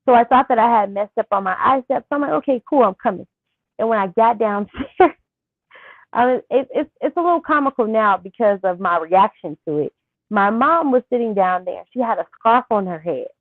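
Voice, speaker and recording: A young woman interviewed as a guest, telling a personal story softly and haltingly, with many fillers. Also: fairly high pitch, expressive, dry recording. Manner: soft-spoken, halting with fillers. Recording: thin phone-like line.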